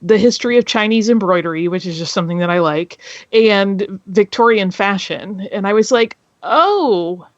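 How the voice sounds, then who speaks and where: A woman's voice: mid-range voice, brisk, no room sound. A woman in her forties, a podcast guest, chatting in a friendly way and thinking aloud with fillers. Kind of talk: casual interview chat. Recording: dull muffled call audio.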